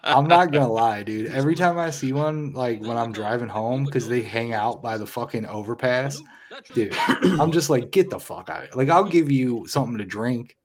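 A man's voice: mid-range voice, normal speed. A man co-hosting a casual movie commentary, blunt and profane, laughing often. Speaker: podcast co-host.

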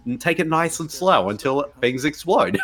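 Bright-voiced man riffing on a movie. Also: fairly high pitch, animated, moderate pace. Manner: joking, rambling, laughs often. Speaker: co-host. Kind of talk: casual movie commentary.

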